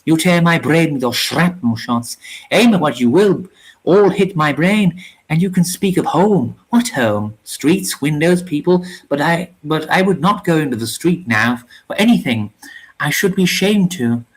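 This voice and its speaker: A reader voicing a hoarse, shaken male soldier who pours out a bitter, desperate rant about the war. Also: medium pitch, expressive, unhurried, rough recording. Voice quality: hoarse, quivering.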